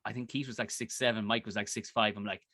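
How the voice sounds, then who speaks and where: Irish male comedian, mid-pitched, bright forceful tone, rambling story told loose and casual, dry close sound. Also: fast, no echo. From Ireland. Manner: rambling, animated, swears freely. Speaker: podcast guest, comedian.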